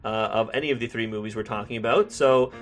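A man's voice: fairly low pitch, fast, soft background music. A man giving a casual, rambling movie review, self-deprecating and laughing often. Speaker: podcast film reviewer. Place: Toronto, Canada.

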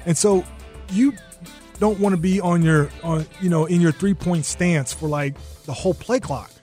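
Brief: ex-lineman man, slightly high voice, reflective and halting, music bed. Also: darkish tone. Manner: thoughtful, many fillers and restarts. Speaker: former defensive lineman interviewee. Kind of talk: interview recollection.

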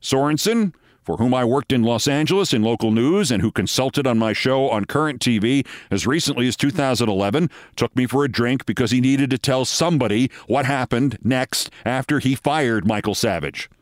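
A man's voice: medium pitch, no echo, studio quality. Sardonic man hosting a podcast. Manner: sardonic, dramatic storytelling delivery. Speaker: podcast host. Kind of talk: scripted political commentary.

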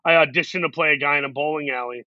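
A man's voice: on the high side, fairly even intonation, racing, sharp tone, no room sound, muffled recording. A man, an actor guest, telling long self-deprecating stories in a casual interview. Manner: rambling, self-deprecating anecdotes.

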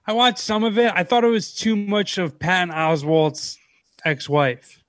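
A man in casual conversation who speaks in a fairly high voice and throws in dry, wry quips. His voice is recorded close and dry, without room echo. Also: animated, a little slow, fairly bright tone. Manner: dry, wry one-liners. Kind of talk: casual chat.

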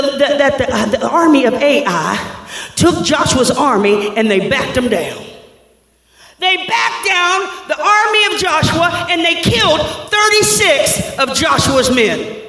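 A male pastor preaching a fervent sermon, shouting often and retelling scripture in casual slang. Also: very high voice, creaky. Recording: echoey hall with long reverb.

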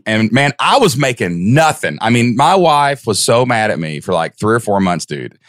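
A man guest on a podcast, telling his story in an excited, animated way, with big jumps in pitch when he acts out what people said. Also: normal speed, no echo, studio quality.

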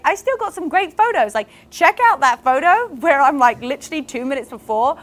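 A woman hosting a podcast, talking casually and candidly to her listeners and encouraging them, with many "like" fillers. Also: sits high. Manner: encouraging, speaks to listeners directly. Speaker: podcast host. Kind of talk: casual motivational podcast talk.

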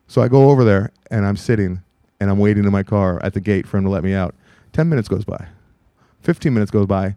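A man in his thirties, co-hosting a podcast, telling an animated story in casual chat and acting out both sides of a conversation. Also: on the low side, fast talker, no echo, studio quality. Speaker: podcast co-host.

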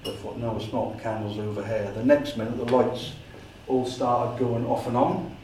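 A man, a paranormal investigator, telling an animated story at a society meeting and acting out his own dialogue. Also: mid-range voice, moderate pace, slight background noise. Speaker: paranormal investigator giving a talk. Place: meeting room. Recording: echoey room from far off.

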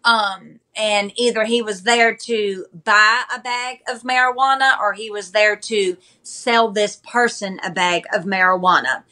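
Woman guest in her forties, bright clear tone, slow halting delivery. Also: medium pitch, fairly even intonation. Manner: halting, measured retelling with many pauses and fillers. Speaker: podcast guest. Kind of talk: conversational interview.

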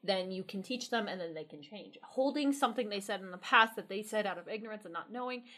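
A young woman from Oklahoma and Texas, co-hosting a casual podcast chat, animated and swearing freely as she tells stories. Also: medium pitch, fast talker. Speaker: podcast co-host.

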